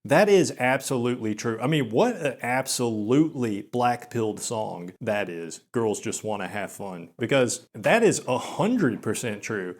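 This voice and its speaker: A young man talking slowly in a flat monotone, with many filler words and quick stutters, in a self-deprecating vlog monologue. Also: mid-range voice. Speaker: channel host.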